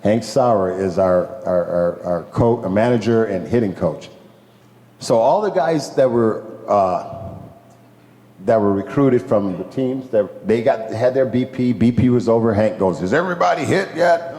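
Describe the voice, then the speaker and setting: An older man from Jamaica spins animated stories, slipping into the voices of the people he quotes and laughing as he goes. His voice is low and mellow. It rings through a big echoey hall with a long reverb tail. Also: unhurried. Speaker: former pro ballplayer, guest speaker. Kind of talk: casual storytelling to a crowd.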